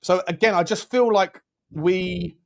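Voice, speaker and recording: A man's voice: high-pitched, measured pace. A man hosting a casual football watchalong, rambling and restarting his sentences. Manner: rambling, restarts phrases, chatty. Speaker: host.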